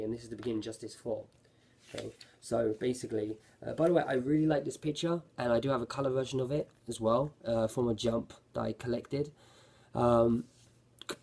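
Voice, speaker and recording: Husky gravelly man rambling through a review. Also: medium pitch, darkish tone. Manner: rambling, self-correcting, lots of fillers. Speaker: anime reviewer. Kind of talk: casual episode review.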